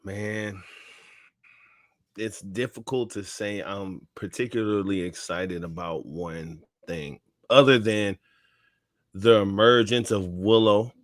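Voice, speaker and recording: A man's voice: on the low side, fairly even intonation, slow pace, no echo, clean studio sound. Blunt opinionated wrestling panelist, man. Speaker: podcast co-host. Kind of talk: casual wrestling podcast chat.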